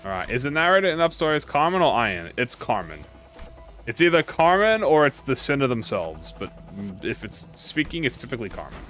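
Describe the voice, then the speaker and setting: Brisk and fairly bright, this man's medium-pitched voice swings widely in pitch as he live-streams a game and talks to his audience. Faint game music plays in the background. He rambles, corrects himself and drifts off into mumbles.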